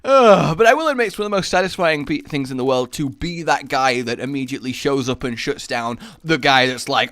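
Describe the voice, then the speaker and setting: Young gamer, bright lively voice, self-mocking rambling commentary. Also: male voice, fairly high pitch, a little fast, no room sound, studio quality. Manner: rambling, self-mocking, bursts into loud laughing shouts. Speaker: gaming YouTuber. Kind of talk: casual gameplay commentary.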